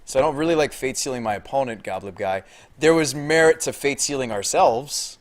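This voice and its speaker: A man talking through a live card game stream, with deadpan delivery and little rise or fall in his voice. His pitch sits in an ordinary middle range as he thinks aloud and answers his viewers. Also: brisk.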